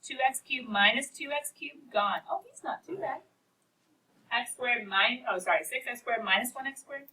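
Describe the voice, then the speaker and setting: In a slightly high voice at normal speed, a math teacher lectures her precalculus class with hardly any pauses and a sharp tone. She keeps things playful and encouraging, describing equations as though they were people. Faint noise comes through the distant mic.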